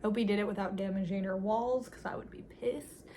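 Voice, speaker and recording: A woman's voice: medium pitch, steady tone, a little fast, warm tone, a little hiss or hum. A woman casually recapping a movie's plot for a review, telling it in a chatty, filler-heavy way with wry asides.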